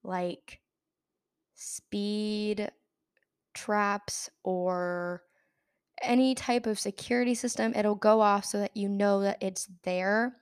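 A woman's voice: medium pitch, fairly even intonation, slow pace, smooth, no room sound, clean studio sound. A young woman hosting a podcast, telling a personal story in a rambling, casual way, full of fillers and laughs. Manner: rambling, filler-heavy retelling with frequent laughs. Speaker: podcast host.

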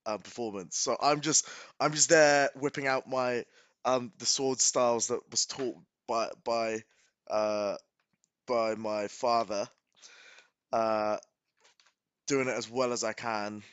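Male player, crisp bright voice, dry sound, hesitant delivery. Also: medium pitch, steady tone, takes it slowly, dry recording. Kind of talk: casual tabletop game chat.

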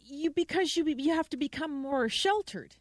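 A woman's voice: high-pitched, lively intonation, moderate pace, no echo, studio quality. A woman co-hosting a talk show in a casual chat, giggly, rambling and playfully pushy. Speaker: podcast co-host.

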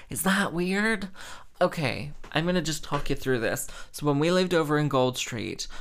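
A man's voice: medium pitch, gravelly, fairly bright tone. Rambling, laughing man podcaster. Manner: rambling, full of "like" fillers, breaks into laughter; self-mocking and dramatic. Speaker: podcast host. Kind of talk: solo casual storytelling chat.

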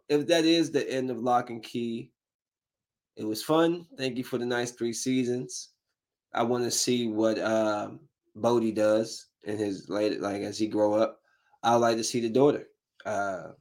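This is a podcast host, a man in his thirties, running a laid-back solo show with a medium-pitched voice. His talk is loose, and irritations push him into increasingly animated rants.

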